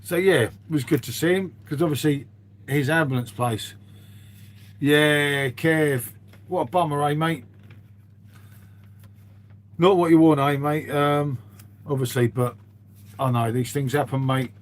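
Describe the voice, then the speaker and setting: A livestream host with a slightly high, steady voice speaks unhurriedly, leaving long pauses. He chats casually with viewers, rambles from one thing to the next, and calls everyone "mate."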